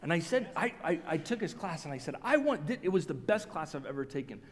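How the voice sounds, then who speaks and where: Male pastor, lively sermon, slightly high voice, animated storytelling, long hall reverb. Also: quick pace. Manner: animated storyteller, acts out quoted voices, self-restarting.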